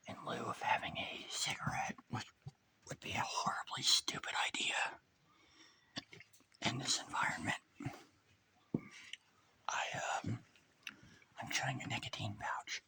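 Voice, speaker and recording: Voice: mid-range voice, steady tone, measured pace, pauses often, pushed and bright. An urban explorer whispering a rambling walk-through narration inside a large abandoned mill. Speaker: urban explorer and video host.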